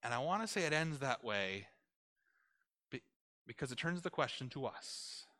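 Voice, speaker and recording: A man preaching a conversational sermon, retelling a story with animated delivery and asking his listeners rhetorical questions. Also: medium pitch, moderate pace.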